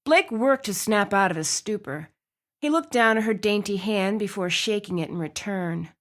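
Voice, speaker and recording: Female audiobook narrator, expressive, mid-pitched, steady storytelling. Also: moderate pace. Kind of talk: scripted narration.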